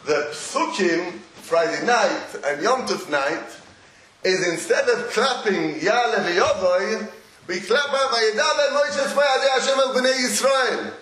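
Male lecturer, high pitch, halting and animated, echoey room. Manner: animated, halting with repeated restarts, laughs often. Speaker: Torah teacher. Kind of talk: Talmudic lecture. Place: echoey room with a live audience. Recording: roomy echo, faint noise.

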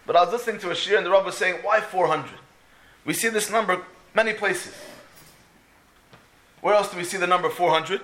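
A man teaches a Torah lesson through stories, firing questions at his listeners and answering them himself. His voice sits high and sounds bright and forceful. He talks in a lively, storytelling way. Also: a little fast, pauses often. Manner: animated, asks and answers his own questions, mixes in Hebrew phrases.

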